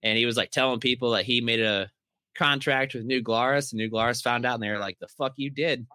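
A man chats bluntly on a podcast, his swearing storytelling carried by a bright, forward voice. The sound is dry and close, with no room around it. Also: mid-range voice, steady tone, quick pace, clear, resonant tone, dry recording. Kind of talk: casual podcast chat.

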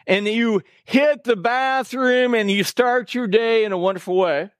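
A man from Indiana delivers a sermon from the pulpit, weaving joking asides to his congregation into the message. His voice sits high, his delivery unhurried and deliberate. The sound is dry and close, with little room behind it. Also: clear, resonant tone, dry recording. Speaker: pastor. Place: church sanctuary.

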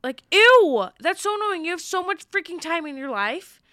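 A young woman co-hosting a casual podcast chat, ranting in an animated, heated way. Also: very high-pitched, moderate pace, no room sound, clean studio sound. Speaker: podcast co-host.

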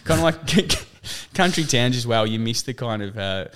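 Lively man with rural Victorian accent. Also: medium pitch, moderate pace, clean tone. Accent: rural Victorian Australian. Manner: laid-back, laughs often. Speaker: podcast host. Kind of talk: casual chat.

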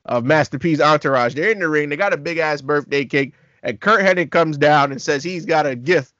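Animated man telling stories in casual chat. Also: a little high, no echo, dull audio. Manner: animated, acts out quotes with laughter. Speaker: podcast co-host.

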